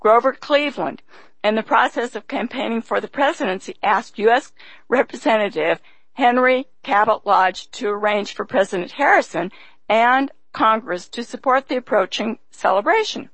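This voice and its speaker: A woman with a somewhat high voice reads commentary aloud, leaning hard on key words and pausing to set off quotations. Her delivery is deliberate and emphatic. The sound is dry and close, with no room around it. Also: lively intonation, fairly bright tone, slightly rough, no room sound, poor audio. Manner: emphatic, deliberate, quotes sources with "I quote".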